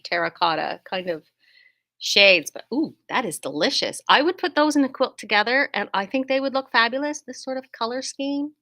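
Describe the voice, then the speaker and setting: A middle-aged woman who owns a quilt shop, chatting casually to viewers, wandering into tangents and poking fun at herself. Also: medium pitch. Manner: chatty, tangent-prone, self-deprecating, lively asides. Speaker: quilt shop owner and host.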